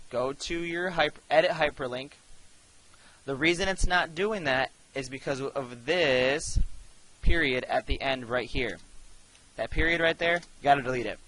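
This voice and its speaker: A man teaching his class through a casual step-by-step software walkthrough, talking straight to his students. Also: mid-range voice, low-quality recording. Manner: casual step-by-step instruction, addresses students directly. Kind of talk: screencast software tutorial.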